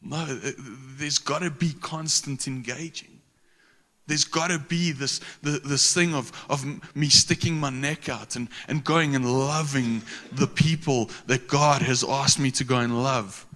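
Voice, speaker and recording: A man's voice: mid-range voice, fairly even intonation, unhurried, a bit bright, long reverb tail. A man preaching a sermon in a casual, slangy way, with frequent restarts.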